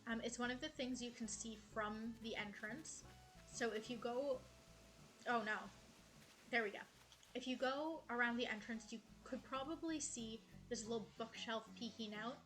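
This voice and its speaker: A young woman gives a relaxed tour of her cozy game island, cooing affectionately at the characters. Her voice is bright and a little high, and soft game music plays underneath. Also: moderate pace. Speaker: gaming streamer. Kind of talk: casual game tour vlog. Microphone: headset.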